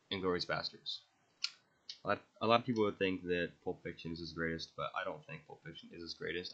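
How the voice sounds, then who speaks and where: A man's voice: low voice, sharp tone, highs cut off. A young man hosting a podcast, rambling enthusiastically through his favorite movies and swearing freely. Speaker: podcast host. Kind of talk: casual movie ranking monologue.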